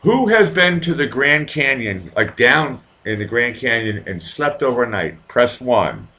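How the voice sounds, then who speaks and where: A man's voice: mid-range voice, sing-song, unhurried, pushed and bright. A man with a light Boston accent hosting a casual live stream from his home, chatting with viewers in a rambling, profane way. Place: home in Vienna.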